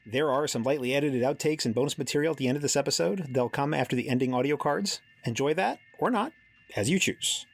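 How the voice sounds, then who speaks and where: A man's voice: medium pitch, quick pace, creaky, hardly any pauses, soft background music. A man hosting a podcast, reading announcements playfully and then interviewing a guest. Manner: playful, animated delivery. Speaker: podcast host.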